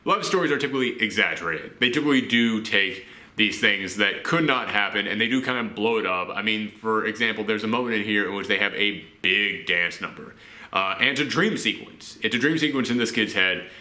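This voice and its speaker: A man's voice: fairly low pitch, brisk. A man giving a casual spoken film review, chatty and full of "uh" fillers. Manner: chatty, frequent "uh" fillers, lively asides. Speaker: movie reviewer. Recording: echoey room.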